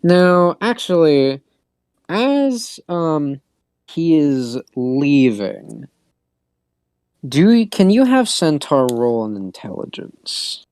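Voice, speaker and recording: A man narrating as game master of a tabletop game in an unhurried, hesitant way with fillers. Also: on the high side, very animated, a little mellow, smooth, no echo.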